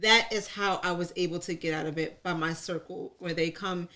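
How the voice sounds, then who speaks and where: A woman's voice: lowish voice, fairly even intonation, normal speed, pushed and bright. A woman co-hosting a live talk circle, speaking openly about personal matters. She is chatty and candid and laughs easily as she shares. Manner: open, chatty, laughs often, calls herself an oversharer. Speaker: co-host. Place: room with a live audience.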